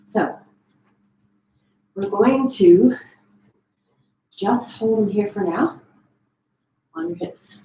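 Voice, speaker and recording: A Pilates instructor, a woman, counts down reps and slips in quick form cues, a little out of breath as she moves. She takes her time between counts. Her voice rings in a roomy, echoey space at home. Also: medium pitch, dark tone. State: a bit out of breath. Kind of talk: live online fitness class cueing. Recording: echoey room.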